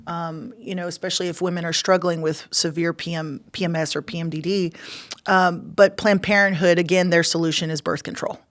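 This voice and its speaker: A woman's voice: lowish voice, a bit bright. A woman co-hosting a podcast in casual chat, talking in a chatty way with lots of fillers. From Hispanic heritage. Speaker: podcast co-host, former clinic worker.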